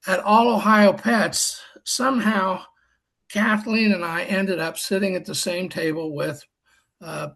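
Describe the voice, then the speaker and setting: Older man with a gravelly, bright voice. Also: fairly high pitch. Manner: folksy and self-deprecating, with dry humor. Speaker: past district governor. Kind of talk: storytelling talk on a group call.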